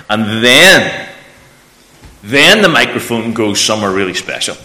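A man preaching a lively children's talk in church, asking the children questions. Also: medium pitch, normal speed. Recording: echoey church room.

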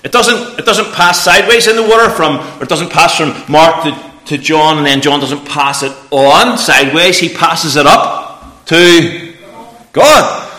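A man preaching a lively children's talk in church, asking the children questions. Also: fairly high pitch, measured pace. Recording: echoey church room.

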